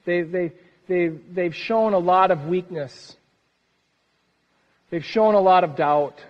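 A man delivers a sermon as a pastor in an earnest, lively way, sinking to a hush at the close of phrases. His voice sits high for a man. The recording is dull and echoes through a long-reverb church hall. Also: takes it slowly.

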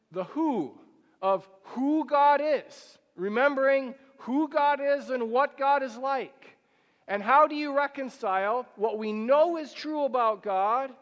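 A male pastor preaching a sermon, asking rhetorical questions and slowing down and rising in pitch when he reads scripture. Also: lo-fi sound. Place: church sanctuary. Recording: church hall with long reverb.

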